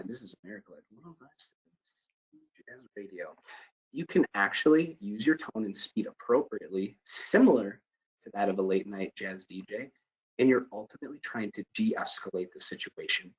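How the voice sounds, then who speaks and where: A man leads a call center training session in a slightly husky voice. He talks with animation, shifting his tone and volume to show what he means. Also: fairly low pitch, lo-fi sound. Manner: animated, demonstrates tones, varies volume. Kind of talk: training presentation.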